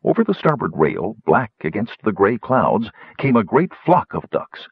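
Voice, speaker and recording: Lively low-voiced male storybook narrator. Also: measured pace, slightly rough, no room sound, lo-fi sound. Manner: lively, voicing characters higher. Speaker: audiobook narrator.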